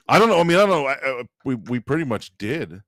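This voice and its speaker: A man's voice: mid-range voice, sing-song, brisk, fairly bright tone, dry recording. Guy rambling on a comedy podcast, voice jumping all over, dry close mic. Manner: rambling, laughing often. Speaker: comedian co-host. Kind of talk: casual podcast banter.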